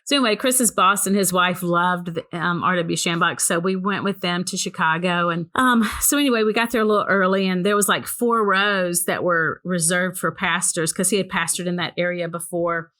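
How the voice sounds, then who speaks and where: A woman's voice: fairly low pitch, moderate pace, hardly any pauses. A woman telling a personal story in a casual conversation, rambling with frequent "um" and "so anyway" and acting out the people in it. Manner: animated, voices the people in her story. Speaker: guest, ministry co-founder.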